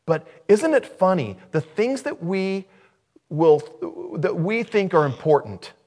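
A man preaching a sermon in an animated way, swinging from loud and excited to quiet and reflective. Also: sits high, takes it slowly.

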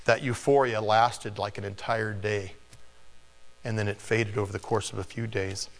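A man preaching a sermon, telling a personal story in an animated, chuckling way. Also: on the low side, moderate pace, vocal fry. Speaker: pastor. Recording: long hall reverb.

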